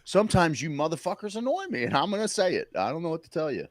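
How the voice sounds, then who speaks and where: A man co-hosts a casual podcast and trades sardonic jokes, swearing freely. His pitch swings around a lot, rising and dropping as he riffs. The delivery is loose and joking. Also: big pitch swings, quick pace, dry recording, clean studio sound. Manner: sardonic, profane, jokey. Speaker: podcast co-host. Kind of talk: casual chat.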